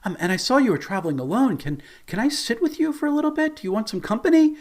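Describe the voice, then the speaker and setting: A man's voice: medium pitch, a little fast, lightly acted. A man voicing a chaotic female halfling thief who talks in a falsely apologetic, wheedling way. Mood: sly friendly.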